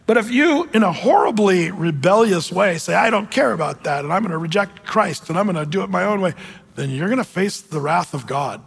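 Older male pastor, high-pitched, chatty sermon with fillers, long hall reverb. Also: gravelly, slightly rough. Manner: conversational, many fillers and restarts, acts out quoted voices.

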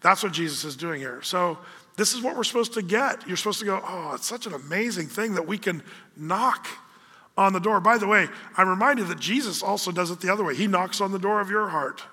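A male pastor delivers a sermon in a lively storytelling manner, slipping into the voices of his characters. His voice sits high and very bright. A long hall reverb trails each phrase. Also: fast talker, slightly rough. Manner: animated storyteller acting out voices.

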